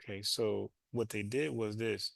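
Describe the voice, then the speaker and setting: A man hosts his own commentary show in a gravelly, fry-edged voice. He talks loosely and bluntly, repeats words as he restarts, and the sound is close and dry. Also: on the low side, steady tone, unhurried, no room sound. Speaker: show host. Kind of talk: casual commentary monologue.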